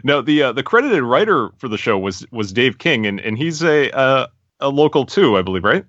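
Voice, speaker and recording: A man's voice: medium pitch, very animated, fairly quick, a bit bright, no echo. An easygoing male host from Cape Cod asks his guest questions, laughing along readily. The sound is dry and a bit muffled, like a remote recording. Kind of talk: interview questions.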